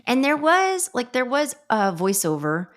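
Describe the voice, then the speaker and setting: A woman's voice: on the high side, big pitch swings, unhurried. A woman hosting a horror podcast, talking casually in a rambling way with restarts and laughs. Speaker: podcast host. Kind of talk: casual chat.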